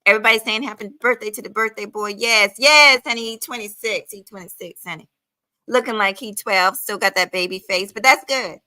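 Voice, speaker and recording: A woman's voice: medium pitch, fairly quick, bright, forceful tone, no echo, poor audio. A woman in her forties hosting a casual livestream commentary, chatty and calling her viewers honey. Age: 40s.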